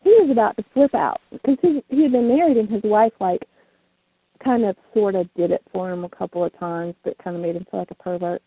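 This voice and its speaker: Gravelly husky woman on a phone line. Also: medium pitch, fairly quick, no echo. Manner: frank, bawdy storytelling with frequent laughter. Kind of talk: casual chat. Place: small southern town. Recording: tinny phone line, dry.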